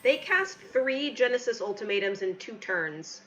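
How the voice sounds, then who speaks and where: A woman's voice: on the high side, expressive, measured pace, slight background noise. A woman streaming a card game live, chatting casually with wry, self-deprecating remarks. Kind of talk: casual live-stream commentary while playing.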